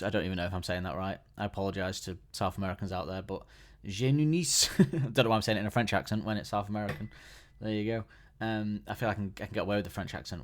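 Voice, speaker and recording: A man hosting a podcast alone, chatting casually and enthusiastically, often restarting his sentences. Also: lowish voice. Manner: enthusiastic, rambling, frequent restarts. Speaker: podcast host. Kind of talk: casual solo podcast chat.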